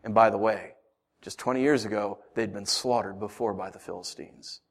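A man preaching a sermon, swinging from hushed lines to emphatic ones and asking rhetorical questions. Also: fairly low pitch, moderate pace. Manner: rhetorical questions, storytelling asides. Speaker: pastor.

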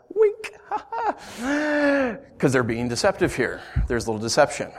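Animated male pastor preaching. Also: fairly high pitch, moderate pace. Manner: animated, acts out the scenes in voices. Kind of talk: sermon.

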